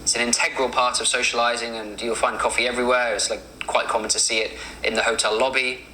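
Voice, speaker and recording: A man explains words patiently in a YouTube lesson and repeats them so they sink in. His tone is bright and sharp. Faint noise hums behind him. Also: mid-range voice, little pitch movement, fast talker, low-quality recording. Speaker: YouTuber teaching Arabic words. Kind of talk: reaction video commentary.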